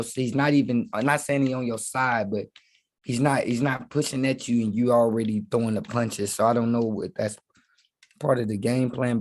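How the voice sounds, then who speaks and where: A man's voice: on the low side, vocal fry, a little mellow. A man giving casual reaction commentary, rambling in slang and saying "bro" a lot.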